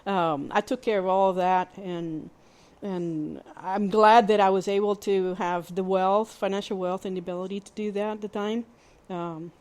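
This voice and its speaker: A woman hosting a podcast, telling a personal story in a candid, plainspoken way, with halting restarts and fillers. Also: mid-range voice, fairly even intonation, a little mellow. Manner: candid and plainspoken, with mild swearing. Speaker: podcast host.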